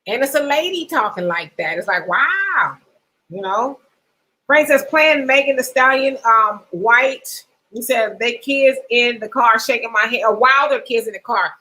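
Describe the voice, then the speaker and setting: A woman's voice: sits high, normal speed, sharp tone, rough recording. A middle-aged woman, hosting a livestream and reading viewer comments aloud, laughing often between her asides. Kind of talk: casual chat.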